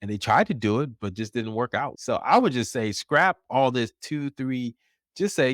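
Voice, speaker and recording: A man co-hosting a casual pop culture podcast, animated and laughing often. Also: mid-range voice, moderate pace, dry recording, studio quality. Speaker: podcast co-host.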